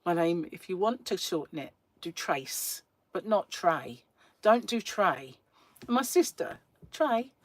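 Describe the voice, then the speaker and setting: An Englishwoman hosts a crochet livestream from a small room at home, chatting casually and rambling to her live viewers with frequent laughter. Her voice sits on the low side, expressive and a little slow, with no echo.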